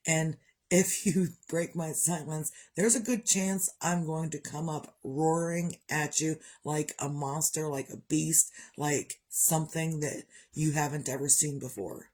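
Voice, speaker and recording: A woman's voice: low voice, fairly even intonation, unhurried, a little mellow. A woman talking frankly to camera in a rambling personal monologue, swearing freely and coughing now and then. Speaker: vlogger.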